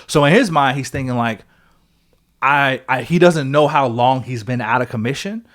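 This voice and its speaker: A young man with an ordinary mid-range voice chats on a podcast. He rambles through a story excitedly, stacking fillers and the odd swear word, like a buddy catching a friend up. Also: mid-range voice, moderate pace. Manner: excited, rambling retelling with many fillers and profanity. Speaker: podcast co-host. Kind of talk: casual podcast chat.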